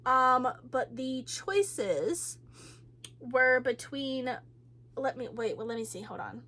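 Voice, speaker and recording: A woman with a high voice chats about books at an unhurried pace. She rambles, restarts her sentences and fills them with "like" and "um". Her talk is loose and emotional, broken by sighs and laughs. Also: expressive, pushed and bright. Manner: chatty and rambling, with many fillers and restarts. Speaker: book vlogger. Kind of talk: casual chat about books.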